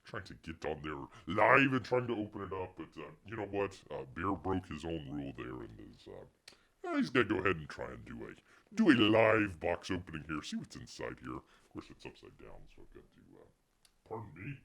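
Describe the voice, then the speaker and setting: A man's voice: deep voice, sing-song, brisk, creaky, fairly bright tone. A man hosting a casual live stream, rambling and joking, often calling himself by a nickname in the third person. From Florida, USA.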